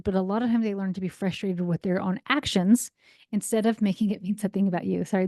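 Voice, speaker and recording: This is a woman in her thirties coaching parents on a podcast in an easygoing, conversational way. Her voice sits at a middle pitch with a mellow, relaxed warmth. The sound is close and dry, with no room around it. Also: vocal fry, no echo. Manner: conversational, frequent "right?" and "um". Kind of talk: casual solo podcast talk.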